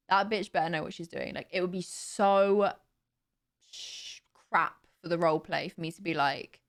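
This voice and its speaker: A young woman from the south of England, with a Southern English accent, chats casually on a live stream from home and answers questions from chat. Her lowish voice is steady and a little slow, picked up by a desk mic with a noise gate.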